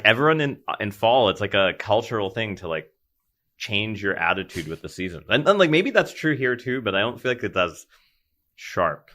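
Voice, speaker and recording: A man in a casual podcast chat, telling animated stories full of "like" fillers and quoted voices. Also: on the low side. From Philadelphia area, US. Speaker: podcast guest.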